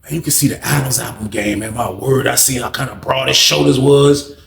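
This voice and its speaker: A man casually telling a story in a profane, animated way that jumps into shouts. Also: mid-range voice, a little fast, vocal fry, roomy sound, crowd noise.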